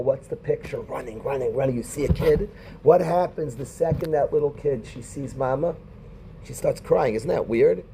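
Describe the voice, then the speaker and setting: A rabbi teaching a Talmud class in a conversational way, quoting Hebrew and Aramaic and calling on students by name. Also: male voice, a little high, vocal fry, dark tone, slight background noise.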